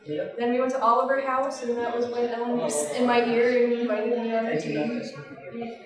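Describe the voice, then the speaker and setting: A woman's voice: fairly high pitch, brisk. A young woman on a panel, talking casually with fillers and frequent laughs. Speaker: panelist, paranormal investigator. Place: large event room with audience. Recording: echoey room, distant mic, crowd.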